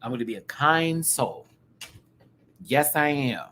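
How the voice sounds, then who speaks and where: A man giving casual live-stream commentary as a show reviewer, animated and campy, with quick asides and laughs. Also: on the high side, slight background noise.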